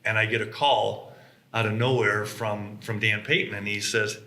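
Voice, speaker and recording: A man recounting how his business began, with a bright, forward voice. He tells his stories with animation and acts out the quotes. The room around him rings with echo. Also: fairly low pitch, fairly even intonation, moderate pace. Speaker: co-founder of a mobile home business. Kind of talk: casual conversation. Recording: roomy echo.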